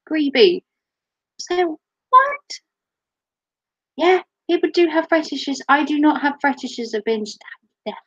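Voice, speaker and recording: A woman's voice: sits high, animated, slow pace, long pauses, lo-fi sound. A woman chatting casually on her live stream, giggling often and swearing freely. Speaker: livestreamer.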